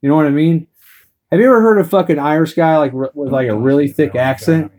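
A man's voice: a little high, quick pace, darkish tone. A man hosting a crude comedy podcast, rambling and swearing constantly. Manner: profane, rambling. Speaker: podcast host.

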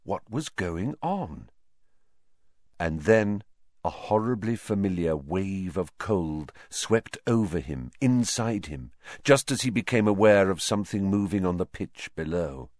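A man reading a story aloud with expressive narration and voices for the characters. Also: sits low, measured pace, no echo, clean studio sound. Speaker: audiobook reader.

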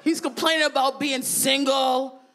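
Brash, high-voiced woman doing stand-up. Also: steady tone, normal speed. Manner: brash and profane, shouting punchlines. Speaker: stand-up comedian. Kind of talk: stand-up routine. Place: festival comedy stage.

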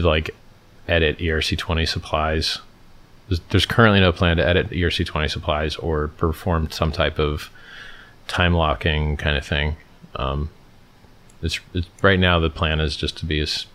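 A man's voice: low-pitched, fairly bright tone. A man from California hosting a casual livestream and answering viewer questions, talking emphatically, repeating his points and restarting sentences. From Stockton, California, USA.

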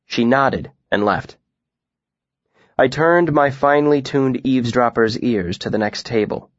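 A man narrating a story in the first person, in an even, measured way. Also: mid-range voice, no echo, highs cut off. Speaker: audiobook narrator.

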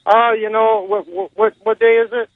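A man calling into a radio show, answering in a hesitant, halting way. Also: sits high, little pitch movement, narrow, tinny audio, a crowd in the background. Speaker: caller.

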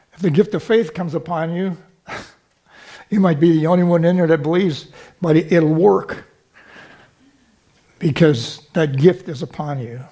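A high-pitched man with a darkish tone preaches a sermon, teaching from scripture in a conversational style. He frequently pauses to check in with the congregation through short rhetorical questions.

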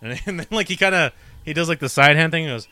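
Podcast co-host, male, rapid talker with a bright edge, acts out scenes as he goes. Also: a little high, no echo. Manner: animated, acts out movie scenes in quick quoted voices. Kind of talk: casual film podcast chat.

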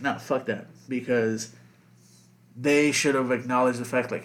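A man's voice: mid-range voice, flat delivery, a little fast. A man co-hosting a casual podcast chat, rambling with lots of fillers and constant swearing. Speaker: podcast co-host.

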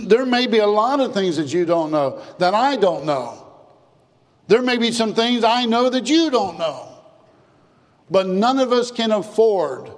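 A man preaching a sermon as pastor, emphatic, repeating phrases and dropping low and soft on key words. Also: big-room sound. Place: church.

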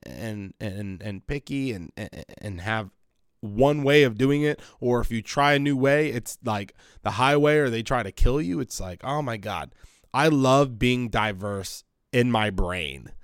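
Recorded with studio quality and no echo, the man speaks at a measured pace in a clean, medium-pitched voice. Hosting a podcast from his home basement, he delivers a rambling, profane, blunt, and animated casual monologue.

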